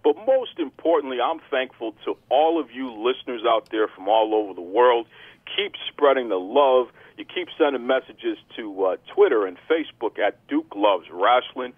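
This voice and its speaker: A man's voice: mid-range voice, animated, moderate pace, husky, no room sound. Male podcast host, hype announcer energy, tinny phone-quality audio. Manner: hype-man announcer delivery. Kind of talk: casual wrestling podcast banter.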